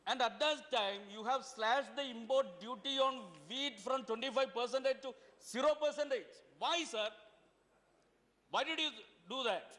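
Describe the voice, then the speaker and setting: Forceful Indian man speaking in a reverberant parliament hall. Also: very high-pitched, measured pace. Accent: Indian English. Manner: forceful, rhetorical questioning with repeated words. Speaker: member of parliament. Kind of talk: parliamentary debate speech. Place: parliament chamber. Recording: long reverb of a large hall.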